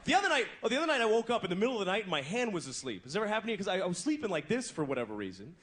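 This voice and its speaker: A man's voice: high voice, big pitch swings, racing, fairly bright tone. A young man in his twenties doing a crude stand-up comedy set, telling stories conversationally in front of a club audience. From United States. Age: 20s. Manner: crude, conversational storytelling with acted-out voices. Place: comedy club stage before a live audience. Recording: noisy live club recording.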